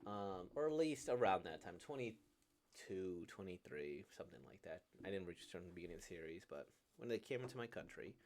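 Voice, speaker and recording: A man's voice: sits low, expressive, fairly quick, a little mellow, a little hiss or hum. A man hosting a casual manga reading reaction, hesitant and full of fillers, laughing often.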